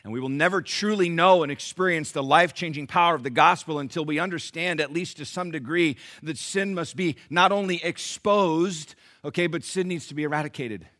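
A middle-aged male pastor preaching, his voice a little high for a man and sharply bright. He surges into loud, emphatic passages, then drops to quiet, low asides, and keeps calling out questions to the congregation. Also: brisk, few pauses. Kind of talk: sermon.

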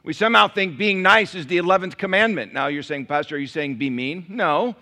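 A male pastor preaching a sermon. He moves between quiet scripture reading and prayer and loud, emphatic preaching, and he jokes with the audience and asks it questions. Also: high voice, brisk.

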